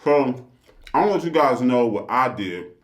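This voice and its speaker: A man's voice: mid-range voice, lively intonation, moderate pace. A man hosting a casual vlog, chatting upbeat to his viewers while eating. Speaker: channel host. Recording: roomy echo.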